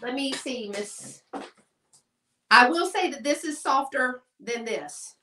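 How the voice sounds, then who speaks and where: A middle-aged woman hosts a live-stream sale, chatting away and greeting viewers by name. Her high voice is bright, expressive and forceful, and she speaks slowly. She sounds distant and off-mic in an echoey room.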